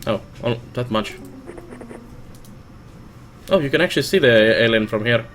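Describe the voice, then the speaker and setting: A let's play streamer from Finland chats casually while playing a game, speaking with a Finnish accent. His fairly bright voice is animated and moderately paced, and his commentary is musing and low-key.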